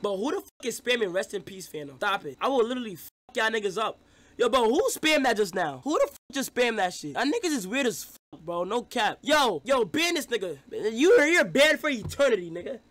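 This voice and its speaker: A young man streaming live, reacting with loud, excitable, profane banter aimed at his chat. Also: high-pitched, brisk.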